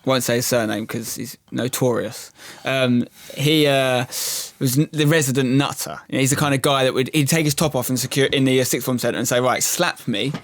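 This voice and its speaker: A young man from England, a podcast guest, telling lively anecdotes in a casual chat. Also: medium pitch, a little fast, few pauses, dry recording. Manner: animated anecdote telling with laughs. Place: podcast studio.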